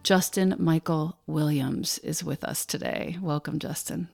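A woman hosting a podcast, reading in a soft, earnest way with breathy, near-whispered phrases. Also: low-pitched, fairly even intonation, measured pace, no echo, studio quality, faint music behind. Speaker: podcast host. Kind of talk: podcast host read and guest introduction.

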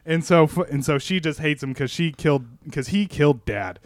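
A man's voice: on the high side, moderate pace, noisy background. A young man recapping a movie plot in casual chat, sarcastic and rambling, laughing often. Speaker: podcast panelist pitching a movie.

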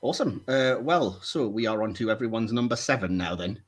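A man's voice: fairly low pitch, expressive, fairly quick. A man hosting a casual podcast chat, joking and laughing often as he teases his co-hosts. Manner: jokey, laughs often, teasing. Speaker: podcast host.

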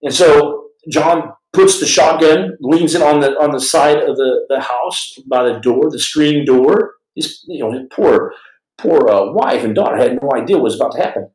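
A man's voice: fairly high pitch, moderate pace, a little mellow, reverberant, rough recording. A man hosting a podcast, telling a story dramatically with asides to his listeners. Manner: dramatic, shifting voice for quoted people, frequent restarts and asides to listeners. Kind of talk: animated spoken storytelling.

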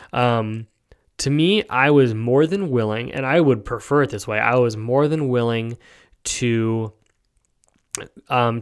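Smooth-voiced man musing aloud. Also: mid-range voice. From United States. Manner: rambling, filler-heavy, keeps asking "right?". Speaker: podcast host. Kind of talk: casual opinion monologue.

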